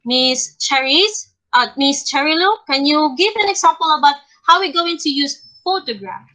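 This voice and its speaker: A young adult woman with a Filipino English accent teaching a class, speaking deliberately and checking in with the students often. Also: sits high, expressive, pushed and bright, low-quality recording. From Philippines. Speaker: teacher in a class role-play.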